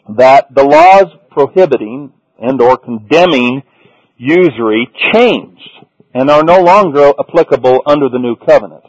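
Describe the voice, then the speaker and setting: A man's voice: a little high, darkish tone, dry recording, low-quality recording. A man teaching a Bible sermon, reading passages aloud and then stressing his points one by one. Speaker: preacher.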